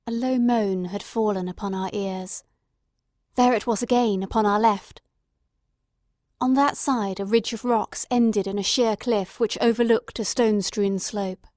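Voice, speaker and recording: A woman reading a classic novel aloud as an audiobook narrator, in a measured, dramatic storytelling manner. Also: medium pitch, steady tone, a little mellow, no echo, clean studio sound. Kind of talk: scripted narration.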